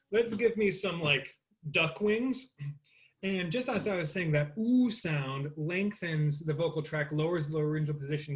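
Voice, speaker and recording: A man leading an interactive online voice lesson, talking casually with many fillers and demonstrating vocal sounds over a computer mic. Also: fairly high pitch. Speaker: voice teacher.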